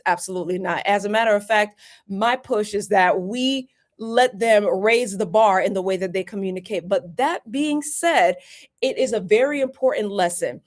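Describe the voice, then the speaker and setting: A woman coaching viewers on workplace communication in a live stream. She talks emphatically and chattily, hammering key points home by repeating them. Her voice sits at an ordinary mid pitch. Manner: emphatic, repetitive, chatty asides. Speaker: workplace lawyer and career coach. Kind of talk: live-streamed career advice.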